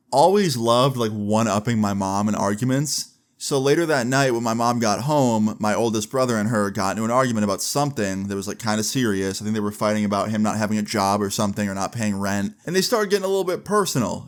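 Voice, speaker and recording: A young man in a casual storytime vlog, chatty and candid, filling his sentences with "like" and swearing freely. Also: fairly low pitch. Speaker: vlogger.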